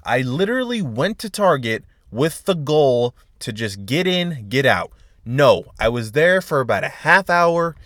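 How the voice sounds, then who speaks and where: A man's voice: mid-range voice, a bit bright, dry recording, studio quality. A man hosting a solo podcast, telling a long, rambling story about his day with lots of swearing and exasperation. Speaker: podcast host. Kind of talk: casual solo podcast rant.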